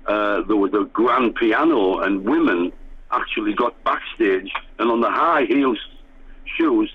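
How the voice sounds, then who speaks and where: An older man from England tells stories of his old band days, rambling and circling back with fillers and restarts. His voice is a little husky, and it comes through a thin, tinny phone-like radio line. The sound is dry, with no room around it. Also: lowish voice, lively intonation, unhurried, dry recording. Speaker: guest musician. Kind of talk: reminiscing radio interview.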